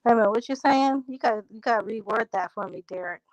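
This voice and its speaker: A woman chats on a livestream, reading out her viewers' comments and answering each one. Her talk is loose and unhurried, drifting into a country drawl. The sound is dry and close, with no room around her. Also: on the high side, dry recording, muffled recording. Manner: talks straight to viewers, reads out comments and answers them. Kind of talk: casual livestream chat.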